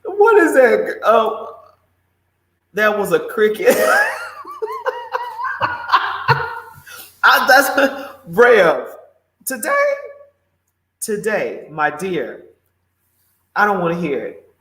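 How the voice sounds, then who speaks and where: A man's voice: high-pitched, sing-song, takes it slowly, pauses often, bright, forceful tone. A man hosting a live morning show, giving outspoken commentary and answering viewer comments in an exclamatory way. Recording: roomy echo.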